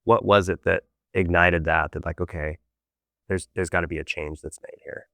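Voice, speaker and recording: Male podcast host, low voice, curious, sums up answers, dry close mic. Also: steady tone, normal speed, vocal fry, fairly bright tone, no echo. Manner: curious, summarizing the guest's points back to him. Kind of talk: casual interview.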